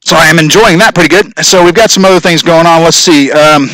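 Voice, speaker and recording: Man, livestream host, rambling casual chat, bright and forward tone, dry close sound, laughs at his own puns. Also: on the high side, quick pace, no echo, rough recording. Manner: rambling, chuckles at own corny jokes. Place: home workshop studio.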